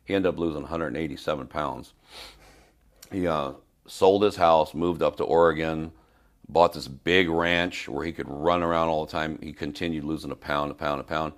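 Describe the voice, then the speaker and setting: A man's voice: extremely low pitch, fairly even intonation, normal speed. An older man from Spain, a fitness trainer telling a story in an interview, rambling with fillers and restarts. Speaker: fitness trainer, podcast guest.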